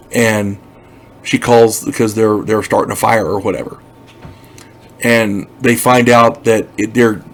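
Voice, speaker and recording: This is an older man talking through a TV series review in a loose, opinionated monologue. His voice sits at an ordinary middle pitch. He speaks bluntly and emphatically, often restarting and repeating words as he goes. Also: low-quality recording.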